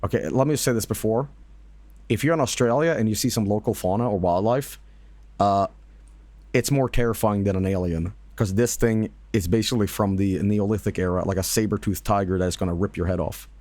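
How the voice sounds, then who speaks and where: A man streaming, casually reacting to videos with lively laughs and swearing. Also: fairly low pitch, brisk, no room sound.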